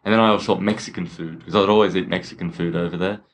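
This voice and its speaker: An Australian man co-hosting a casual chat, easygoing and quick to laugh along. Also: low voice, fairly even intonation. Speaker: podcast co-host.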